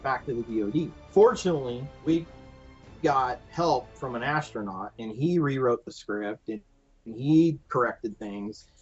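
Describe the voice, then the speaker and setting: A man telling stories casually as a podcast guest, animated, acting out quoted voices and laughing often. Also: medium pitch, measured pace, highs cut off, soft background music. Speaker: guest, prop and costume maker. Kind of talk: casual storytelling in a podcast interview.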